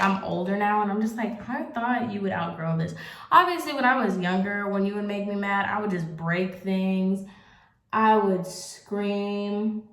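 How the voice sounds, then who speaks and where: At home getting ready on camera, a young woman vlogger rambles candidly in a casual confessional chat, saying "like" over and over. Her voice is at an ordinary middle pitch, the room has a noticeable echo, and there's slight background noise.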